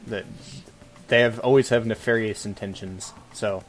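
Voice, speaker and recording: A man's voice: on the low side, fairly even intonation, normal speed. A man co-hosting a casual comedic talk show, reading listener questions and mocking them with frequent laughter. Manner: wry, mocking, laughs often. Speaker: podcast co-host. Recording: faint music bed underneath.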